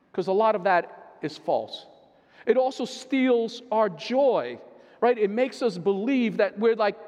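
A man, a pastor and therapist, preaching a sermon in a conversational way, often checking in with the listeners. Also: high-pitched. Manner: conversational preaching, keeps asking "right?". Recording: long reverb of a large hall.

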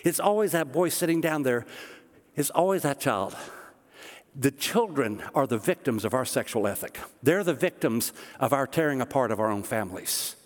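A man's voice: medium pitch, lively intonation, moderate pace. A middle-aged man preaching a sermon as pastor, emphatic and impassioned, repeating his key phrases. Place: church sanctuary. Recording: long hall reverb.

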